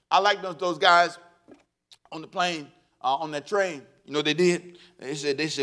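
Animated, bright-voiced male preacher. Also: a little high, normal speed. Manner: animated call-and-response preaching, rising to shouts; folksy, laughs at his own stories. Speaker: pastor. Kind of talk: sermon.

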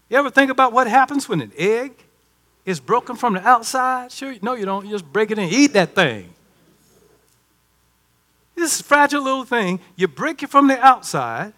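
A man preaching a sermon in a folksy, conversational way, swinging from hushed asides to emphatic calls. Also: high-pitched, expressive, normal speed. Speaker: pastor.

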